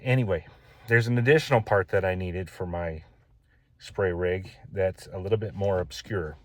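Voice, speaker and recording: A man's voice: low-pitched, moderate pace. A man building his own house, telling a casual, exasperated story in a vlog and repeating his gripes.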